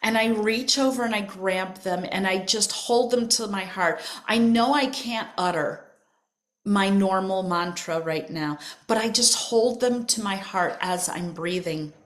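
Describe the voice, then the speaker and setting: An older woman hosting a podcast, telling a personal spiritual story in a soft, emotional way that drifts into whispers. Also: medium pitch, unhurried. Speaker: podcast host.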